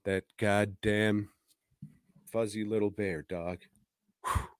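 Slow, low-voiced profane podcast guy. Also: little pitch movement, clear, resonant tone, no echo, clean studio sound. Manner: profane, rambling, chuckling. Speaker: podcast co-host. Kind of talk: casual movie chat.

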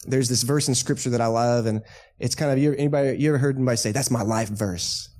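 A man's voice: medium pitch, steady tone, racing, warm tone. A pastor with a Texan accent preaching a sermon in church, casual and joking, asking the congregation questions as he goes. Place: church sanctuary.

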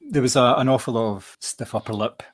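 A man chatting casually about a film, relaxed and halting with many restarts. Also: medium pitch. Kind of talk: casual film review chat.

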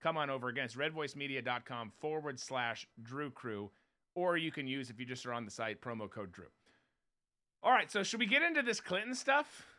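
A man's voice: medium pitch, animated, brisk, sharp tone. A man hosting a casual political talk show, blunt and swearing, often laughing mid-sentence. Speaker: host.

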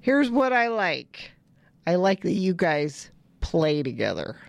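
A woman's voice: lowish voice, very animated, slow, vocal fry, no echo. A woman co-hosting a casual family chat, telling stories and laughing often. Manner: chatty storyteller, laughs often. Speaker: podcast co-host.

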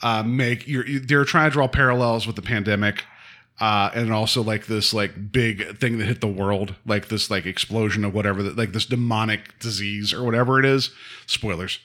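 A man's voice: lowish voice, fairly even intonation, sharp tone. A man co-hosting a podcast, chatting casually about a TV episode, rambling with lots of fillers and laughing often. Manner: rambling, filler-heavy, quick to laugh, slips into mock voices. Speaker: podcast co-host. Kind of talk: casual chat reviewing a TV episode.

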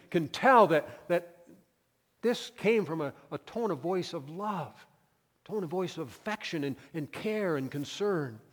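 A man's voice: fairly high pitch, long reverb tail. A man preaching a Sunday sermon as pastor, earnest and emphatic, in a church. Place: church sanctuary.

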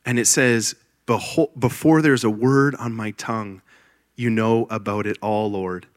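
A man's voice: fairly low pitch, steady tone, measured pace, no echo, studio quality. A man preaching a sermon to a congregation, earnest and explanatory, with emphatic bursts and light teasing of his listeners.

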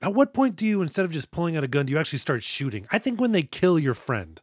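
A man's voice: on the high side, big pitch swings, fast talker, no room sound, studio quality. A man co-hosting a movie podcast, chatting casually and sarcastically, swearing and acting out lines from the film. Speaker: podcast co-host. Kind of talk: casual movie-review chat.

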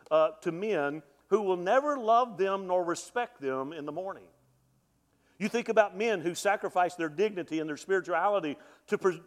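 Animated preaching pastor, lively voice. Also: male voice, fairly high pitch. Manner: animated preaching, voice swelling and dropping to a hush; repeats words when restarting. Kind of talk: sermon.

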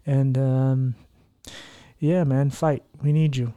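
A man's voice: medium pitch, little pitch movement, slow pace, warm tone, muffled recording. A man hosting a podcast in casual chat, talking in an earnest, heartfelt, rambling way. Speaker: podcast host.

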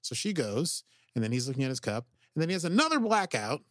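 A man co-hosting a podcast, recapping an episode in excitable, rambling casual chat full of "like". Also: on the high side, quick pace, dry recording, studio quality. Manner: excitable, rambling, heavy use of "like". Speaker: podcast co-host.

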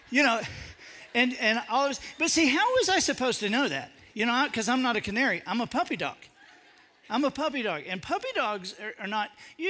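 A man giving a humorous storytelling talk to an audience, animated and self-mocking, using colloquial speech full of stammering restarts. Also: extremely high pitch. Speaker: public speaker.

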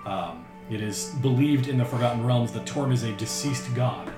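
A man narrating a tabletop game as game master in a relaxed way. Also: mid-range voice, moderate pace. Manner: relaxed, with frequent "uh" fillers. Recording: roomy with background music.

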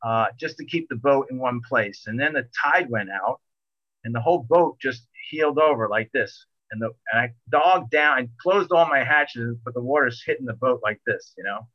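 A middle-aged man telling a long boating story in a rambling, animated way, full of restarts. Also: medium pitch, normal speed, dry recording, muffled recording. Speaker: guest telling a sailing story. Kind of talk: casual storytelling.

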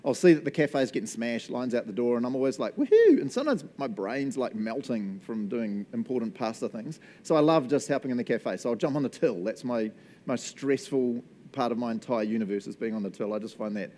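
A man's voice: medium pitch, fairly quick, mellow, slight background noise. A young adult man with a New Zealand accent, preaching a casual, playful sermon as pastor and acting out customers in silly voices.

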